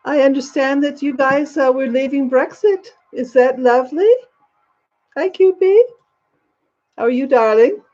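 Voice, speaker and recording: An older woman on a livestream greets viewers in character as a gracious, gushing elderly queen, calling them darling in a put-on upper-class English accent. Her voice sits high and a little mellow, at a measured pace with frequent pauses, the audio dull and faint background music playing.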